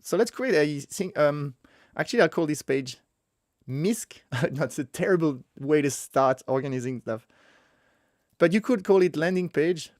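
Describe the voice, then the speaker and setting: A man's voice: a little high, expressive, unhurried, a little mellow, no echo, studio quality. A man teaching a casual coding walkthrough, thinking aloud as he works, correcting himself and chuckling at his own mistakes. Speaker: web developer teaching a coding tutorial.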